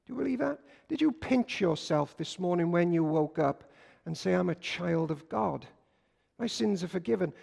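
A man preaching a sermon, telling stories and swinging between loud bursts and hushed lines. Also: sits high, lively intonation, normal speed, vocal fry. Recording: long hall reverb.

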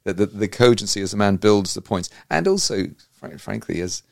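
An English man hosts a conversational interview, enthusiastic and rambling, restarting often as he tells stories. His voice is fairly low with vocal fry, animated, and at a normal speed. The studio-quality recording has no echo.

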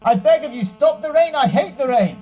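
Small pleading boy, high and insistent, put on by a man, dull recording with light hum. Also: expressive, a little fast, dark tone. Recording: dull with faint mains hum.

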